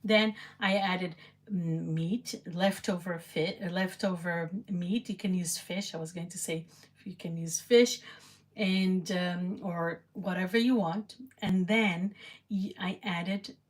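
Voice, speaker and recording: A woman with a Portuguese accent chatting excitedly and rambling as she cooks on camera. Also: on the low side, takes it slowly. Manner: excitable, rambling, with frequent restarts. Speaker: cooking vlogger. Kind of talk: casual cooking chat to camera.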